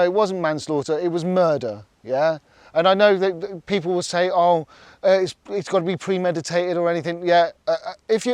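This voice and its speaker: A man's voice: fairly high pitch, no echo. A young man, ranting in casual talk, emotional and swearing, with many "yeah?" tags. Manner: emotional, swearing, repeats "yeah?" and "you know what I mean?". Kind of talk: angry casual rant.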